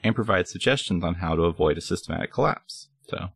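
Low, gravelly man on a podcast. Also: fast, no echo, studio quality. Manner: relaxed, jokey. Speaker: podcast co-host. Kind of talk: casual chat.

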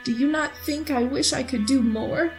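A woman's voice: sits high, faint music behind, voice pushed up, rough recording. A woman voicing a solemn, wise winged being. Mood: sorrowful. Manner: soft, solemn and measured. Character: ancient winged woman, calm and sorrowfully wise. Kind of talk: tabletop role-play voicing a character.

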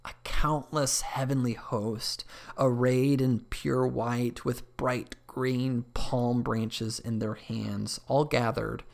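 Gravelly-voiced pastor preaching slowly. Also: male voice, mid-range voice, level tone. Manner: earnest preaching with dramatic hushed passages. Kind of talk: sermon.

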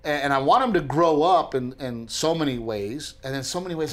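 A man's voice: a little high, brisk. A man in his thirties co-hosting a casual chat, telling stories with lots of acted-out voices. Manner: animated storyteller, acting out voices. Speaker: podcast co-host.

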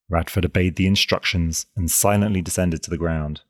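A man with a very low voice reads a period adventure story aloud at a measured, even pace. The sound is close and dry, with no room around it. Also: no room sound. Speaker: audiobook narrator. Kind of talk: scripted narration.

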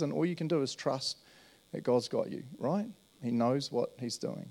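A man's voice: mid-range voice, normal speed, gravelly, a little mellow. A man, preaching a casual, earnest sermon and often checking in with his listeners. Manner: earnest, storytelling, checks in with "right?". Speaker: pastor. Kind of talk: conversational sermon.

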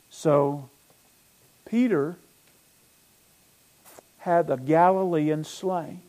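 A male pastor from North Alabama with a Southern accent, preaching a sermon in a church, retelling scripture with animated, emphatic bursts. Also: on the high side, takes it slowly, pauses often.

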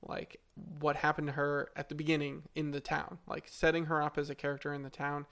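A man's voice: on the high side, monotone, fairly quick, gravelly, fairly bright tone, clear, resonant tone. A man co-hosting a podcast, giving a blunt, opinionated take on a movie in casual chat. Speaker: podcast co-host.

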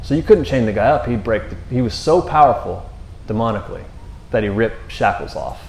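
A man's voice: fairly low pitch, expressive, brisk, creaky, darkish tone, a little hiss or hum. Casual man preaching in echoey room. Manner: casual, conversational, full of fillers like "man" and "you know". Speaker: pastor. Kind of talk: sermon.

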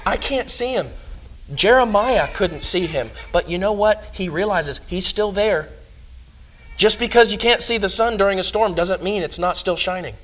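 Earnest higher-voiced male preacher. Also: normal speed, slight background noise, poor audio. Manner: earnest, swings between loud emphasis and hushed asides. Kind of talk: sermon.

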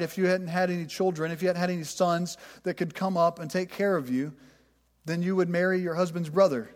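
Middle-aged male pastor, high-pitched, conversational and self-deprecating preaching. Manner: conversational, self-deprecating, stumbles and repeats words. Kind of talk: sermon.

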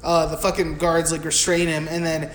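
A young man co-hosting a podcast, recapping a film in a loud, profane, animated way and slipping into voices for the characters. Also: on the high side, moderate pace. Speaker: podcast co-host. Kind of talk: casual chat recapping a film. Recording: echoey room with faint noise.

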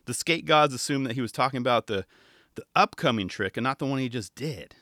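A man's voice: medium pitch, lively intonation, fairly quick, bright, forceful tone, dry recording, clean studio sound. A man talking casually about skateboarding commentary, laughing often and mimicking other commentators. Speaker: skateboarding podcast host and contest commentator. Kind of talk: casual monologue.

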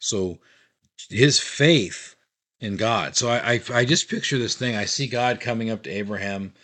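A man co-hosting a casual Bible discussion podcast, playful and animated as he reads scripture aloud. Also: lowish voice, a little slow. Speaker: podcast co-host.

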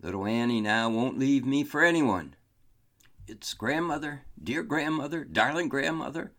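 A man voicing a weary, doting old grandmother in a read-aloud storybook, speaking in a fond, gentle and tired way. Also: mid-range voice, normal speed, voice pushed up, close to an everyday voice.

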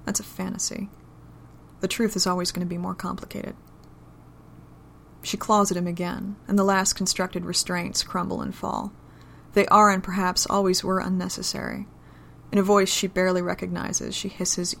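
A woman reading an adult romance story aloud in a low, intimate, steady manner. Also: moderate pace, vocal fry, slight background noise. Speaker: narrator.

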